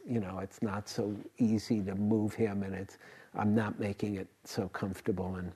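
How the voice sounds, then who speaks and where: In a husky, fairly low voice, an older man leads a dharma talk as a meditation teacher. His storytelling drifts and rambles, full of restarts and soft laughs.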